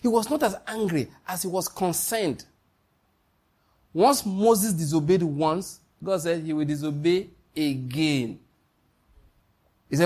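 Nigerian male preacher, husky and fairly high-pitched, emphatic, repeats points, quizzes listeners. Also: expressive, moderate pace, pauses often, darkish tone. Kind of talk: sermon.

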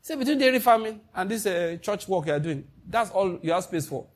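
A man with a Nigerian accent preaching a sermon as pastor, emphatic and animated, with Pidgin asides. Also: high-pitched, a little fast.

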